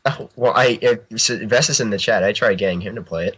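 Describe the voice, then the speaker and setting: A man's voice: fairly low pitch, brisk, a bit bright, slightly rough, low-quality recording. A man chatting casually as a guest artist, rambling and restarting his sentences and laughing often. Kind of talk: casual chat.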